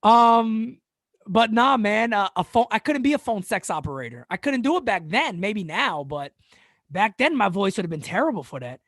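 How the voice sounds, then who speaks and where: Joking and laughing often, a sports channel host chats casually on a live stream, stammering through repeated words. His high-sitting voice is animated and fairly bright at a normal speed, and the sound is clean studio quality without echo.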